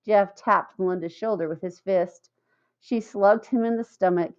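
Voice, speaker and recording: A woman narrating a children's novel in a clear, steady read-aloud way, in a slightly muffled recording. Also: mid-range voice, moderate pace. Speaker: audiobook narrator. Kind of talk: scripted narration.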